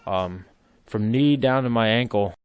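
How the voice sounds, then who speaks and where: A man's voice: mid-range voice, unhurried, smooth, dry recording, studio quality. A man in his thirties telling war stories in casual podcast chat, rambling, laughing and swearing freely. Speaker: podcast guest, military veteran. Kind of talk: casual storytelling.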